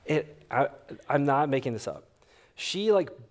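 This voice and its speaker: A man's voice: a little high, measured pace. A male pastor, preaching a sermon and telling stories animatedly, acting out the dialogue. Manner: animated storyteller acting out quotes. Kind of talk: sermon with storytelling.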